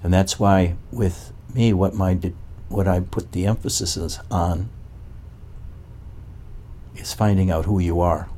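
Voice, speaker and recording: A man's voice: low voice, fairly even intonation, a little slow, pauses often, mellow, slight background noise. A man as a spiritual teacher, giving a talk to a gathering and asking one probing rhetorical question after another.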